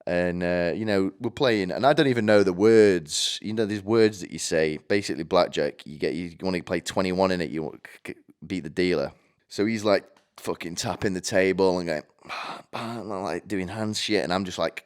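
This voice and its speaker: A low, clean, animated voice moving at normal speed belongs to a young British man in his twenties. As a podcast host, he tells a wandering story at his own expense, thick with vulgar slang.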